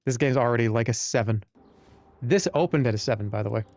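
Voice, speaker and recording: A man's voice: medium pitch, quick pace, a little mellow. A man streaming a game live, chatting to viewers in a joking, rambling way. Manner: joking, rambling, talks to chat. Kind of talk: live-stream gameplay commentary.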